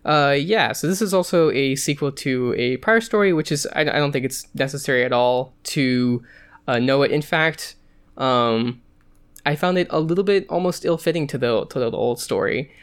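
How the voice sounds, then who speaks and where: Podcast host, hesitant and casual, reads a short story aloud at a mid pitch. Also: normal speed, clear, resonant tone. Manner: hesitant, many fillers. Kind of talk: casual chat and story reading.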